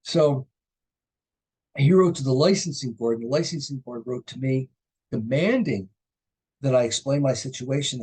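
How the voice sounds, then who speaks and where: A man's voice: medium pitch, normal speed, long pauses, darkish tone, breathy edge. A middle-aged man giving a recorded college lecture, conversational and anecdotal, often tossing in "right?" and "you know".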